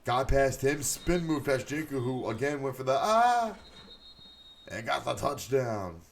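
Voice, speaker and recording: A man giving live play-by-play commentary on a game stream, excitable, with chatty asides. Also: mid-range voice, a little slow, gravelly, a little hiss or hum. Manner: excitable, rises to shouts on big plays, chatty asides.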